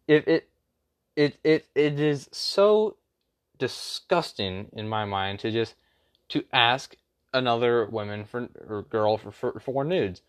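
Young man, casual vlog rant, rambling, fillers and slang, mid-pitched voice. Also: expressive, slow pace, smooth. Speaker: vlogger.

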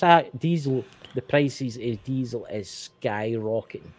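A Scottish man co-hosting a casual podcast chat, animated and swearing, repeating himself when worked up. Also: medium pitch, measured pace. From Scotland. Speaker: co-host.

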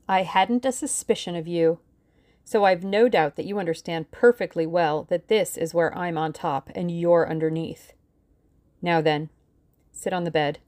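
A woman's voice: fairly low pitch, dark tone, natural voice. A woman voicing a menacing woman villain in an audiobook, cheerful on the surface with cold threats underneath. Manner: mockingly genial, cold threats. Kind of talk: audiobook character reading.

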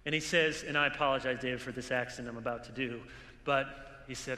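A man's voice: medium pitch, steady tone, fairly quick, pushed and bright. A man preaching an earnest, exhorting conference sermon with touches of dry humor, recorded in a large hall with an audience. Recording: echoey hall with long reverb.

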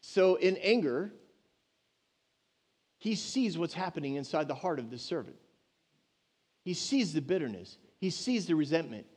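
A man preaching a sermon in an animated, emphatic way that surges loud with passion. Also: fairly high pitch, measured pace, long pauses, husky.

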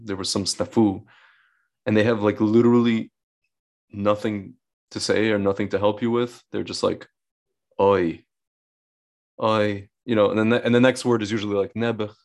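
A man in casual podcast chat who speaks bluntly and with a wry, mocking edge. His voice sits somewhat low for a man. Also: flat delivery, gravelly, darkish tone. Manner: blunt, wry, quick to mock. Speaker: podcast co-host. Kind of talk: casual conversation.

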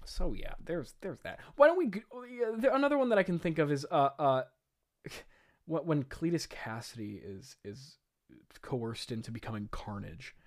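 A man's voice: on the high side, animated, moderate pace. A man in his twenties reading his own old play aloud, with exasperated, self-mocking commentary and frequent laughing.

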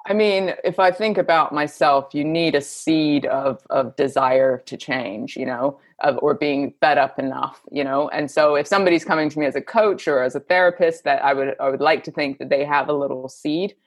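A woman's voice: sits low, moderate pace, hardly any pauses, no room sound. A woman who works as a coach and therapist, speaking candidly and expressively as a podcast guest. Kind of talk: candid conversational interview.

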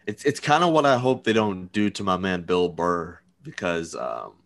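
A man's voice: low voice, lively intonation, moderate pace, gravelly, a bit bright. A man co-hosting a podcast in casual chat, laid-back and agreeable. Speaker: podcast co-host.

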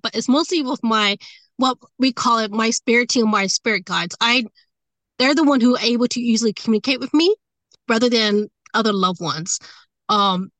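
A woman's voice: on the high side, a bit bright, no room sound, rough recording. Rambling, emotional woman medium. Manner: rambling, emotional, many fillers and restarts. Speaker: medium and tarot reader. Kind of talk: casual interview talk.

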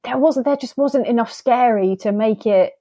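Woman, higher voice, lively podcast co-host, dry close mic. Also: normal speed, no echo. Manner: animated, chatty, acts out quoted lines. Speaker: film review podcast co-host. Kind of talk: casual chat.

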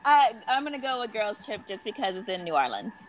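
A woman's voice: mid-range voice, very animated, brisk, muffled recording, over a noisy crowd. A woman as a podcast guest in casual chat, easygoing and a little unsure.

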